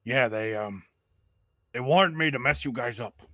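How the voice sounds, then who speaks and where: A man's voice: mid-range voice, unhurried, a bit bright, no room sound, studio quality. A man playing a tabletop game, speaking hesitantly with many ums and uhs. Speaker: player. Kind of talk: tabletop game play, casual chat.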